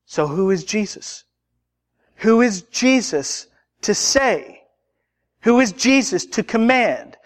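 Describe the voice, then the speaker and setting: A man preaching a sermon, emphatic and deliberate, building through repeated rhetorical questions. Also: sits high, fairly bright tone, in a large hall.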